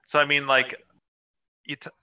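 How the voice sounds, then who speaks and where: A man's voice: a little high, flat delivery, normal speed, sharp tone, no echo, rough recording. A man hosting a podcast in casual chat, rambling with lots of fillers and swearing. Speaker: podcast host.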